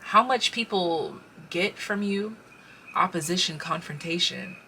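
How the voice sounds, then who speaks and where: A woman with a low-pitched voice reads tarot cards for the viewer in a loose, chatty way. She often breaks off to exclaim over the cards she turns up. Her tone is bright and sharp, and her speech rambles and restarts. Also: a little slow, a little hiss or hum. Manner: excitable, exclaims and interrupts herself while pulling cards; speaks straight to the viewer in the second person. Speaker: tarot card reader. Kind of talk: casual pick-a-card tarot reading.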